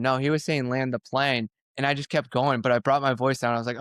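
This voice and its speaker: A man speaks in a candid podcast conversation, with an intense, animated way of telling stories and acting out his own past words. His voice sits at a middle pitch and sounds smooth and resonant. The recording is dry and close, with almost no room sound. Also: a little fast, no room sound. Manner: intense, animated storytelling, quoting himself. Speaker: podcast guest.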